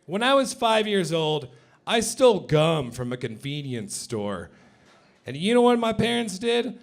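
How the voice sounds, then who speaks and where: A man performs stand-up in a mock-serious, deadpan preaching manner. His voice is high for a man, heard through a handheld mic on a comedy club stage. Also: a little slow, vocal fry.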